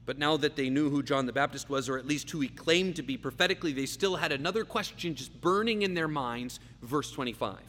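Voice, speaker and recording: Guy preaching a sermon, kinda high voice, slows down to hammer key words, big echoey church w/ faint hum. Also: fairly bright tone. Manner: emphatic, slows and repeats key phrases. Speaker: pastor. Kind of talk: expository sermon. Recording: long reverb, faint hum.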